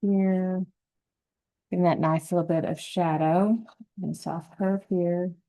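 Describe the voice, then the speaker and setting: A woman giving a gentle, unhurried step-by-step painting lesson, talking through each brush stroke as she works. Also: fairly low pitch, steady tone, poor audio. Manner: gentle, unhurried, thinking aloud while painting. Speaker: painting instructor.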